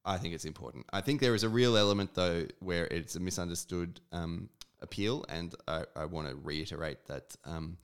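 A man co-hosting a podcast, talking in a relaxed, casual way with plenty of fillers. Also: sits low, moderate pace, few pauses, smooth. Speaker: podcast co-host. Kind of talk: casual chat.

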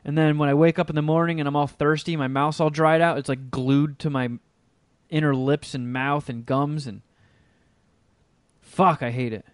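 Casting: male podcast host, slightly high voice, dry close sound, loose rambling storyteller who swears freely. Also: steady tone, moderate pace, smooth, dry recording. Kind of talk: casual chat.

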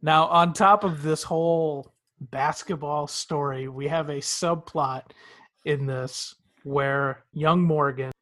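A man's voice: fairly high pitch, fairly even intonation, slow, fairly bright tone. Man recapping a show in detail. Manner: storytelling, recaps plot in detail. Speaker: podcast co-host. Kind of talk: casual chat recapping episodes.

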